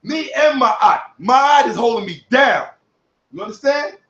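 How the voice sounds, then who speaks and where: A man giving heated commentary on other online creators, boastful and profane, sometimes shouting. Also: very high voice, animated, moderate pace. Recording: echoey room, distant from mic, dull audio.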